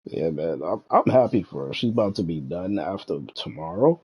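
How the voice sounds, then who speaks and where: A man's voice: low-pitched, very animated, normal speed, mellow, slightly rough. A young adult man streaming a video game, chatting in a laid-back, slangy, joking way. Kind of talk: casual gaming stream chat.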